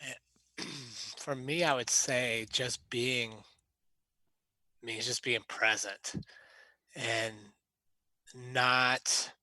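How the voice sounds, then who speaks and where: A man co-hosting a podcast, talking in an easy, animated way and laughing often. His voice is bright and forward, recorded close and dry with no room sound. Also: medium pitch, drawn-out words, long pauses, no echo. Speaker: podcast co-host. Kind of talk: casual chat.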